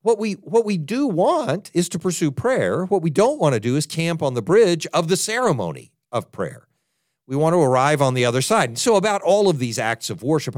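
A man preaching as a pastor in a conversational sermon, animated and talking straight to his listeners with asides. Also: fairly high pitch, no echo, studio quality.

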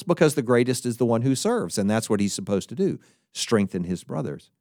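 A man preaching a sermon, who talks in an animated way and acts out the figures he quotes in different voices. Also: medium pitch, fairly quick, no echo, clean studio sound.

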